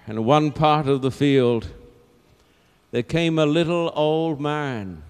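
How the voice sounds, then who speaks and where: A man preaching in a large auditorium, his voice slow, smooth and resonant. He tells a story with dramatic swings from hushed to loud, and a long reverb trails every phrase. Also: medium pitch. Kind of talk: evangelistic sermon.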